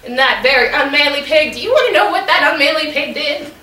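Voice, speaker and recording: A woman storyteller telling a tale in character, playful and animated, teasing her audience, recorded from afar in an echoey room. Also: high voice, fast talker. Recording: echoey room, distant mic, faint noise.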